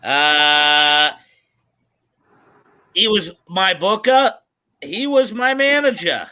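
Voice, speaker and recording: A male host chats slowly and easily with his guests, laughing often. His voice is high and very bright and sharp. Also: animated. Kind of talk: casual chat.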